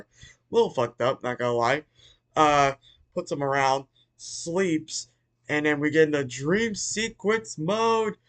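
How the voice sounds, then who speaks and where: A man giving a casual, rambling movie recap, swearing freely, restarting sentences and breaking into sudden loud outbursts. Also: mid-range voice. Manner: rambling, profane, with many restarts. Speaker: movie reviewer.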